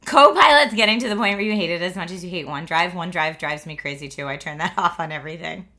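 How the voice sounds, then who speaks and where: A woman's voice: lowish voice, quick pace, bright, forceful tone. A woman in her thirties from Pennsylvania hosting a livestream, chatting casually, laughing often and filling with "like". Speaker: livestream host.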